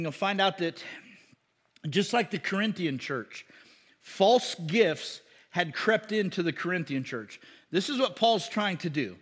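In a church hall with long reverb, a man delivers a conversational sermon, repeating himself and adding plenty of fillers and asides. The pastor's voice is high-pitched and a bit bright.

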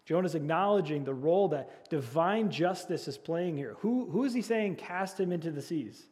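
A man's voice: a little high, expressive, normal speed, few pauses, a little mellow. A man preaching a sermon as pastor, earnestly repeating key phrases and leading the congregation in call and response. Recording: long hall reverb.

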